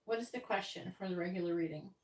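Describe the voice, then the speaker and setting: A woman's voice: lowish voice, roomy sound. A woman giving a psychic reading on a live stream, talking to viewers and listing signs, letters and numbers, a little exasperated when correcting them. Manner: talks to viewers, repeats and spells out signs, letters and numbers slowly. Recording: slightly distant mic with faint noise.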